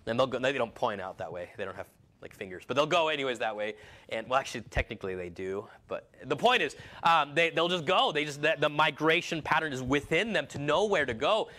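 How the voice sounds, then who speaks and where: A man's voice: mid-range voice, expressive, fairly quick, bright, forceful tone. A man preaching a sermon in a rambling way, full of restarts and personal asides.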